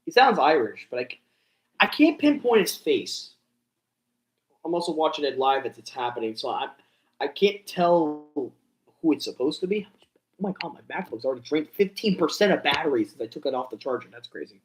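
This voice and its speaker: A young man talks through a live reaction in a loose, rambling way, tossing in "bro" and "dude." His voice sits a little on the high side for a man. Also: sing-song, normal speed. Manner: rambling, self-talking, says bro and dude. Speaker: vlogger reacting to an awards show. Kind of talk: casual live reaction chat.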